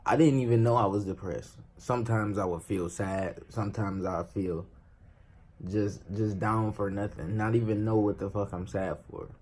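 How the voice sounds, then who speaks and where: A man's voice: on the low side, steady tone, moderate pace, darkish tone, husky. A young man vlogging to camera in a loose, slangy, emphatic way, swearing freely. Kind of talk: casual talk to camera.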